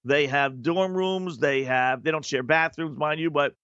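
A man's voice: fairly high pitch, measured pace, a bit bright, clean tone, no echo, lo-fi sound. A middle-aged man hosting a radio show, telling a long personal story in a chatty, self-mocking way. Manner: chatty and self-mocking, acts out quoted people. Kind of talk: casual storytelling monologue.

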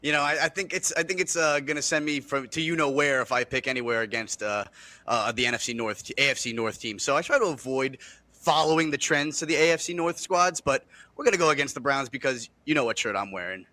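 A man working as a producer on a sports radio show, talking quick and excitable. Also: mid-range voice, dry recording.

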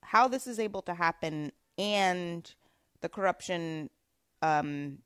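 A woman hosts an interview and works her way through casual questions, filling gaps as she goes. Her voice sits very low for a woman. The sound is dry and close, with no room echo. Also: slow pace, a bit bright, smooth. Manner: searching, casual, uses many fillers. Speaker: podcast host.

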